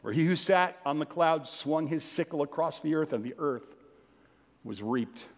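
A man preaching a sermon, reading scripture and telling playful stories with sudden loud bursts of excitement. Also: fairly high pitch, normal speed. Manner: animated, playful storytelling with sudden loud outbursts. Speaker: pastor. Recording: long hall reverb.

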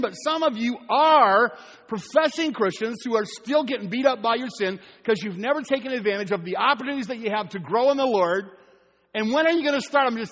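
A man's voice: very high-pitched, a bit bright, big-room sound. A man preaching a sermon as pastor, talking in a conversational way with joking asides and rising to earnest emphasis. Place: church sanctuary.

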